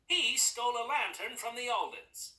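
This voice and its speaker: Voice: mid-range voice, lively intonation, normal speed, pushed and bright, roomy sound, recorded from a distance, voice pushed up. A reader voicing an upset woman earnestly explaining herself, in a storybook read-aloud.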